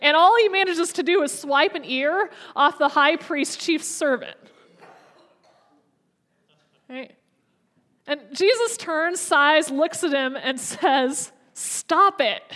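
A woman's voice: sits high, measured pace, a bit bright. A young adult woman preacher who retells a story in a chatty, conversational sermon. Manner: chatty, conversational, frequent restarts.

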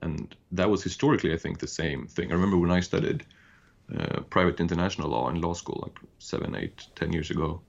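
A man's voice: low voice, fast talker, vocal fry, highs cut off. A man from Sweden in his thirties, co-hosting a podcast and explaining legal ideas in a thoughtful way with many restarts. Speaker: podcast co-host. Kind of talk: casual podcast chat and explanation.

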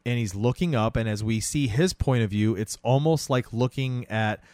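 A man recaps a film scene in a casual chat, acting out the characters' lines as he goes. His medium-pitched voice is a little mellow, his pace is moderate, and there is no echo.

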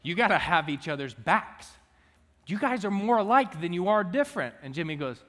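A man's voice: sits high, sing-song, normal speed, fairly bright tone, big-room sound. A young man and student minister giving a chatty, joking sermon to his church. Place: church sanctuary.

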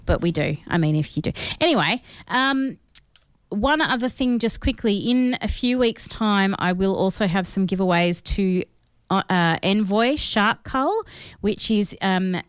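An Australian woman co-hosting a podcast, chatting casually about films in an animated, self-deprecating way. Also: mid-range voice, a little slow, clear, resonant tone, no room sound, studio quality. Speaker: podcast co-host.

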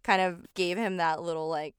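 A woman in casual conversation, chatty and animated, laughing often and leaning on fillers. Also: lowish voice, normal speed, smooth, no room sound, studio quality. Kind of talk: casual chat reviewing a show.

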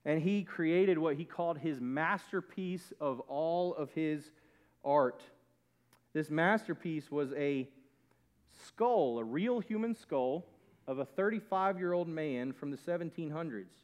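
Emphatic man preaching, slightly higher voice. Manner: emphatic, swelling to loud peaks then dropping quiet. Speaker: pastor. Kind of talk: sermon.

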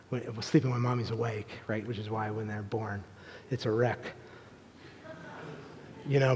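A pastor in his thirties preaching a sermon, moving between loud, emphatic appeals and soft, hushed storytelling. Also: mid-range voice. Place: church sanctuary. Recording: long hall reverb.

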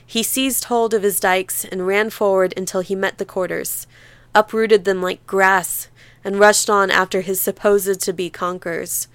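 Smooth-voiced woman reading a novel. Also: mid-range voice, fairly even intonation, fairly bright tone, no echo. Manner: measured, vivid literary reading. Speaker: audiobook narrator. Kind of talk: scripted narration.

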